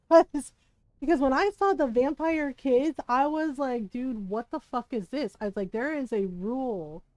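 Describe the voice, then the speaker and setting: A woman streaming a video game, chatting casually in an animated, gushing way, laughing often and swearing freely. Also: high voice, a little slow, dry recording, poor audio.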